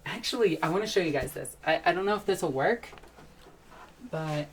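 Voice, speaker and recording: A woman's voice: low-pitched, animated, moderate pace, far from the mic, a little hiss or hum. A woman hosting a casual live stream, chatting and answering questions from chat in a rambling, enthusiastic way, with frequent sighs and restarts.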